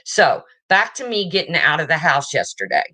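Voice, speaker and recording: Low-voiced woman telling a frank story. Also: sing-song, moderate pace, pushed and bright. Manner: frank, emotional, swears casually, asks okay?. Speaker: vlogger. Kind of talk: casual storytelling to camera.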